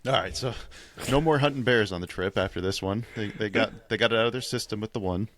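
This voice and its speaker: A man co-hosting a casual history podcast, reading out facts and adding relaxed, dry asides. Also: lowish voice, quick pace. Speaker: podcast co-host.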